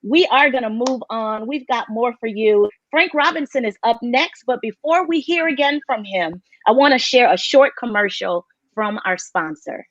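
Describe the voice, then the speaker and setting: A woman's voice: on the high side, highs cut off. A woman moderating a virtual town hall on a video call, speaking in an upbeat and affirming way. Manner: upbeat, affirming, quick to laugh.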